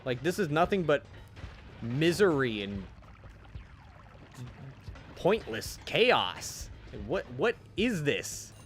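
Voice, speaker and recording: A man's voice: fairly high pitch, sing-song, measured pace, faint music behind. A man streaming a game and chatting casually, retelling a story in a rambling, profane way full of restarts. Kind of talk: casual chat while gaming.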